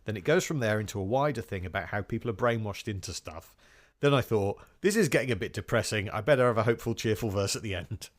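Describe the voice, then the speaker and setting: A man's voice: lowish voice, lively intonation, quick pace. A man co-hosting a music podcast in casual chat, earnest and reflective, reading out quotes. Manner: earnest, reads out quotes, chuckles now and then. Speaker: podcast co-host.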